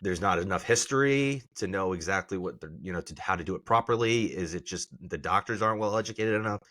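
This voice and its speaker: Casting note: man co-host, lowish voice with a bright edge, curious and relaxed. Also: quick pace. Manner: asks questions, reads listener questions. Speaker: podcast co-host. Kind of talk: casual chat.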